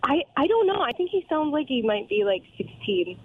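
A woman's voice: high voice, sing-song, moderate pace, husky. A woman calling in to a radio show while she has a cold, sounding youthful. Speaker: caller. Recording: tinny phone line.

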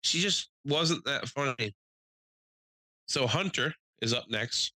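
A young man co-hosting a podcast, telling animated stories with lots of swearing, acting out quotes in a raised voice. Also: medium pitch, slow pace, no echo, low-quality recording. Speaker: podcast co-host. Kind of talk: casual storytelling chat.

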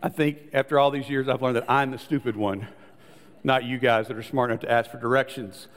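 A man preaching a sermon, telling a story with lively voices for the people in it and sinking to soft, low tones to make a point. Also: a little fast. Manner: animated storytelling, acting out quoted voices, dropping to soft low tones for emphasis. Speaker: pastor. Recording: long reverb of a large hall.

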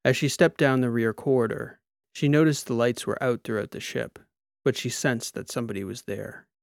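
Brief: man narrating fiction, measured pace, gravelly tone, dry close sound. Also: mid-range voice, fairly even intonation, no echo. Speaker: audiobook narrator. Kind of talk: scripted narration.

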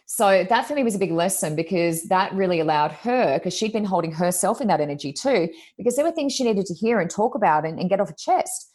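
A woman's voice: medium pitch, lively intonation, fast talker, hardly any pauses, darkish tone. A woman, a psychic medium, chatting in an interview with many fillers, acting out what people said. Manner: chatty, lots of "you know" fillers, acts out quotes. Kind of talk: casual interview storytelling.

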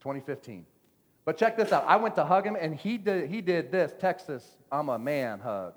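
Playful preacher with a lively voice. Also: male voice, on the high side, normal speed. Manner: playful, joking with the congregation. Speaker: pastor. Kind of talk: lively sermon with stories. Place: church sanctuary. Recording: long church hall reverb.

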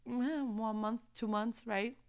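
A woman's voice: a little high, steady tone, takes it slowly, clean tone. A young woman giving a passionate faith-based motivational talk, preaching and repeating phrases for emphasis. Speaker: faith vlogger.

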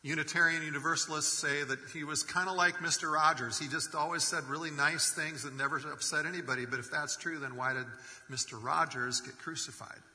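Male pastor, sermon, conversational, wry humor, very bright tone, echoing sanctuary. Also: on the high side, fairly even intonation, fairly quick, few pauses. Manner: conversational, wry jokes between scripture readings. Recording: long reverb of a large hall.

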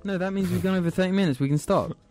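A man's voice: sits high, racing, darkish tone, faint music behind. A man co-hosting a casual podcast chat, blunt and teasing. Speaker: podcast co-host.

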